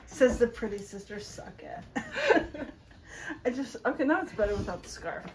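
A woman with a high, light voice chats casually into her phone camera at home. She banters with her family and laughs often as the vlog's host. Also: huge pitch swings, normal speed, distant mic. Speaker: vlogger host. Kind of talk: casual chat. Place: home, indoors, after a family dinner.

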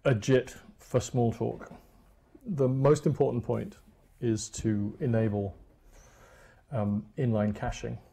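A man giving a technical lecture in a lecture room, halting with many ums and restarts. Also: medium pitch, steady tone, vocal fry, dark tone, husky. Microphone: lapel or stage microphone.

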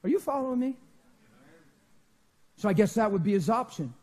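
A man preaching a sermon in a church, telling stories that swing from loud bursts to hushed quiet. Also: high voice, expressive, normal speed.

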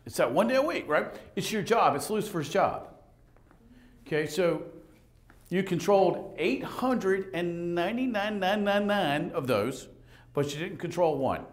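A middle-aged man preaching a lively sermon in a church, joking with the congregation and acting out conversations as he tells stories. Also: high voice, a little slow. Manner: animated, joking, acts out conversations. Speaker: pastor. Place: church sanctuary.

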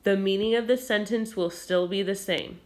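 A woman teacher explaining a recorded grammar lesson patiently and clearly, with occasional fillers. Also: mid-range voice, normal speed.

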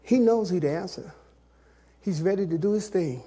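A man preaching a sermon as pastor, talking straight to the congregation in a colloquial way, dropping to soft, drawn-out phrases and then rising to shouted climaxes. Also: high-pitched, slightly rough. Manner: colloquial, addresses the congregation directly.

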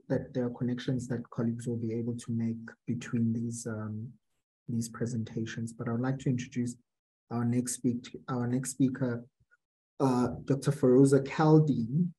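A man chairs a webinar over a video call, introducing the next speaker. His voice is mellow and mid-pitched. He speaks in a measured way, with frequent fillers. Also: poor audio. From South Africa.

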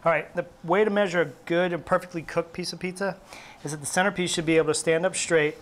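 A man's voice: sits high, fast. Instructive man demonstrating a recipe. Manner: steady, instructive, explaining each step. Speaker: test cook. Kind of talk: cooking demonstration. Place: test kitchen studio.

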